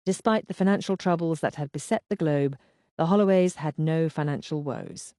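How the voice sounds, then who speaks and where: Mellow woman narrating an audiobook. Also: sits low, no echo, studio quality. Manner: measured, expressive reading. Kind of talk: scripted first-person narration.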